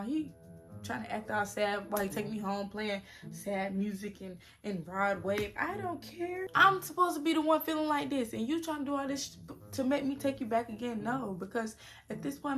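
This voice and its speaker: A young woman in her twenties tells a story straight to her camera in a relaxed vlog. She talks in an animated, slangy way, addressing her viewers directly, with a voice of ordinary pitch. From United States. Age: 20s. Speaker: vlogger.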